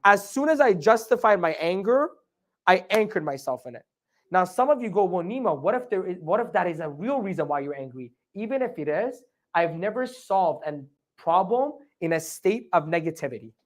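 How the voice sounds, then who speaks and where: A man giving a live motivational training talk, animated, often asking the audience questions and acting out his own inner dialogue. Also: high-pitched, normal speed. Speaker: motivational speaker.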